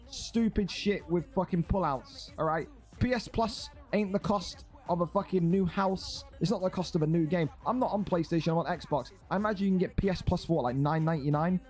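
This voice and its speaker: A man's voice: high voice, a little mellow. An exasperated, sarcastic man, ranting and swearing as a streaming league host. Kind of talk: ranting livestream commentary.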